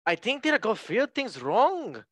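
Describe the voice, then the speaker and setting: A man's voice: medium pitch, quick pace, a bit bright, no room sound, studio quality, lightly acted. A man putting on a football pundit's voice, with an attempted Liverpool accent that keeps drifting into other accents. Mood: mock-serious.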